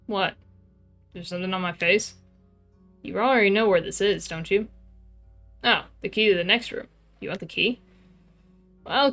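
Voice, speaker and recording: A woman's voice: medium pitch, a bit bright. Playful woman streamer reading game dialogue. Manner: playful, reads in-game lines in light character voices. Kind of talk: casual game commentary, reading dialogue aloud.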